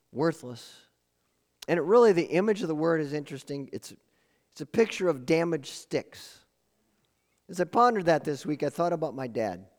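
A man's voice: fairly high pitch, darkish tone. A man preaching a sermon with emphatic repeated phrases and questions to the congregation. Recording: long hall reverb.

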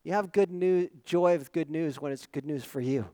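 Middle-aged male pastor, high voice, dry close sound, dynamic sermon delivery. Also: moderate pace, no echo, poor audio. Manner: dynamic preaching with rhetorical questions, swinging from loud emphasis to quiet asides.

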